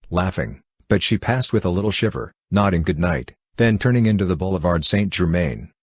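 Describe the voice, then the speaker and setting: A man reads a novel aloud at a steady, even pace. His voice is deep and a little husky. The recording is close and dry, with no room sound. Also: no echo. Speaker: audiobook narrator. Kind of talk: scripted narration.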